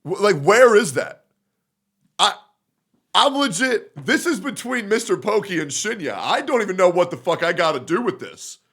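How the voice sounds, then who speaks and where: A young man talks to his live chat in a heated, argumentative rant, swearing freely. His voice is bright and fairly high, and it swings widely in pitch as he presses his points. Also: big pitch swings, normal speed, breathy edge. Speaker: streamer.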